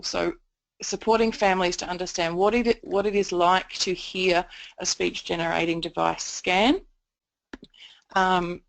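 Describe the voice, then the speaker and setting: A woman's voice: on the low side, vocal fry, rough recording. A woman giving a training presentation on communication support, explaining her points at length with frequent "um" fillers.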